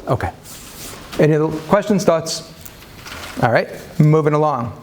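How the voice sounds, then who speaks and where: Speaking at a moderate pace in a fairly high, expressive, slightly mellow voice, a man runs a marriage seminar for a live audience, with a little background noise. His talk is conversational and self-deprecating, full of fillers and false starts.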